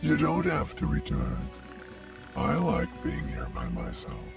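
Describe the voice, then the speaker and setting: An actor voicing a gloomy, proud old male warrior robot in a video game, melodramatic and self-pitying, with a gravelly, filtered robotic voice. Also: very deep voice, wildly swooping pitch, unhurried, recorded from a distance, over music, heavily acted. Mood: gruff.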